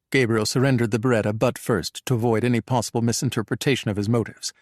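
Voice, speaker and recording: A male audiobook narrator reading a suspense thriller in a measured, even delivery at a middling pitch. His voice is recorded close and dry, with no room sound around it. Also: dry recording.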